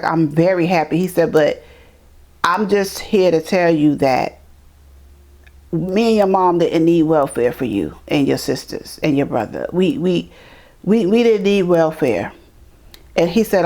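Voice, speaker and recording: A middle-aged woman from New York telling her life story in an interview, animated and acting out the people she quotes. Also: on the low side. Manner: animated, acts out quoted voices, repeats words. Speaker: interview guest. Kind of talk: storytelling in conversation.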